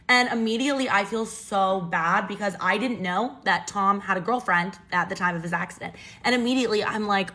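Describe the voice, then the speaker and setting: A woman in her twenties casually telling a dramatic storytime, chatty and animated, full of "like". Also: medium pitch, fairly quick, hardly any pauses. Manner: chatty, animated, many "like" fillers.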